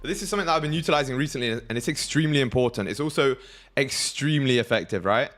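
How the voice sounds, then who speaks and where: A man's voice: medium pitch, very fast, a bit bright. A young man hosting a casual trading livestream, talking to his chat in a slangy, hyped way. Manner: slangy, hypes the chat, thinks aloud. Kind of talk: casual live-stream chat.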